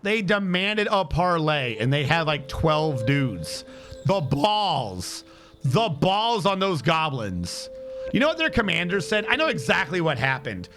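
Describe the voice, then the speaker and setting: Animated high-voiced male streamer. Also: a little slow, over music. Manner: animated, exasperated, swears freely, talks to chat. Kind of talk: casual game commentary.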